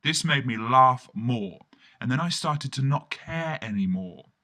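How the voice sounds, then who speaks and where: A man's voice: medium pitch, expressive, a little slow, bright, forceful tone. A man narrating a first-person comic story in a wry, rambling, self-mocking way.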